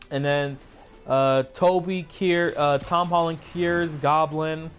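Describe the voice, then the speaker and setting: A man's voice: sits high, slow, slight background noise. A man casually recapping a movie for his channel, rambling with many fillers, sleepy and yawning, with a sore throat. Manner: rambling, filler-heavy retelling. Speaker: YouTuber.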